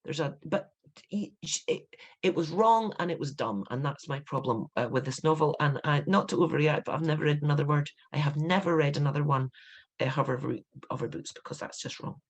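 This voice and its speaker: Scottish woman author, 50s, lecturing writers; emphatic, animated, quick to indignation. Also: low-pitched, lo-fi sound. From Scotland. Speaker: author giving a writing talk. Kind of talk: instructive talk to writers.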